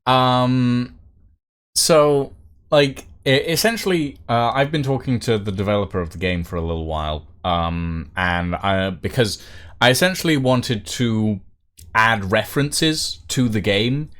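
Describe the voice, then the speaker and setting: A man's voice: medium pitch, measured pace, fairly bright tone. A man chatting casually on a live stream, rambling with lots of fillers and restarts.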